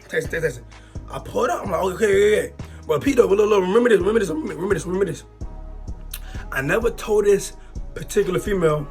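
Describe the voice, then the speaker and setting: Excitable young man, slangy, gravelly voice. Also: high-pitched. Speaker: storytime YouTuber. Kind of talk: animated storytime monologue.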